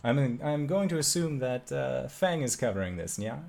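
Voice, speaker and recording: A man's voice: mid-range voice, lively intonation, normal speed, creaky, darkish tone. A man voicing a fussy male night chef at a tavern, who ends his sentences with a purring "nya.".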